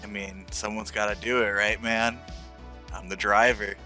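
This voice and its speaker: A man playing a tabletop game rambles in a laid-back way about his character. His voice sits on the low side but sounds bright and forceful. Light music plays faintly behind him. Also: flat delivery, normal speed. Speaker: player. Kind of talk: casual tabletop play.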